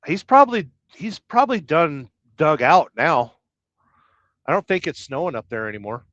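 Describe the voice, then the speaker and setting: A man's voice: a little high, big pitch swings, normal speed, fairly bright tone, dry recording, lo-fi sound. A man hosting a casual livestream from inside his truck, chatting and joking while reading viewer comments aloud. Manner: rambling, jokey, reads viewer comments aloud. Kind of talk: casual live-stream chat.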